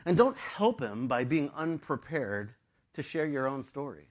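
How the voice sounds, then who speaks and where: A man preaching a sermon to his congregation in a conversational, animated way, with frequent fillers. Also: medium pitch, measured pace. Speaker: pastor.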